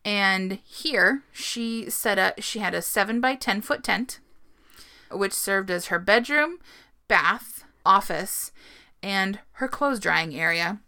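A woman's voice: medium pitch, lively intonation, slow, pushed and bright. A woman co-hosting a casual podcast, retelling a story in a chatty way with frequent laughs and the odd swear. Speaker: podcast co-host.

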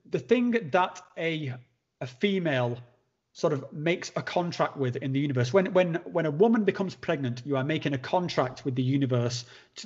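A man, a podcast guest telling a long personal story in a halting way, with many restarts and fillers. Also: fairly high pitch, a little mellow. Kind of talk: conversational storytelling. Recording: dull lo-fi sound.

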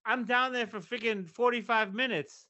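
A man co-hosting a casual comedy podcast, telling animated stories and swearing freely. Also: very high voice, moderate pace, lo-fi sound. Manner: animated storyteller, swears freely, slips into joke voices. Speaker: podcast co-host.

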